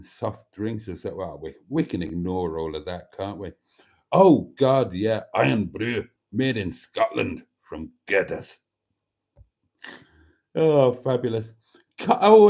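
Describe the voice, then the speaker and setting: A man's voice: lowish voice, dark tone. A man hosting a live stream, reading out viewer comments in a casual chat and calling his viewers darlings with mock-grand phrasing.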